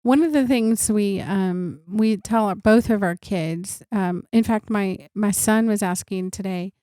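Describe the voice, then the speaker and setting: A woman's voice: medium pitch, measured pace, mellow, dry recording, studio quality. A woman in her thirties co-hosting a podcast, chatting casually with fillers. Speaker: podcast co-host. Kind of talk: casual chat.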